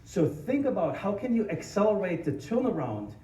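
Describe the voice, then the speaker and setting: A man with a German accent giving an energetic, informal tech conference talk, joking about himself and restarting sentences often. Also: sits high, moderate pace, recorded from a distance, a little hiss or hum. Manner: energetic, informal, self-deprecating, many restarts. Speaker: conference speaker. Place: conference hall. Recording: echoey hall, mic from afar.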